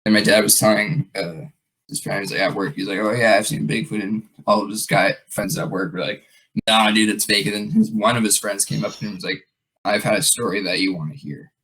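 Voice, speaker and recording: A man's voice: lowish voice, steady tone, brisk, a bit bright, poor audio. A man hosting a podcast, telling a story in a rambling casual way with many fillers and restarts. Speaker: podcast host.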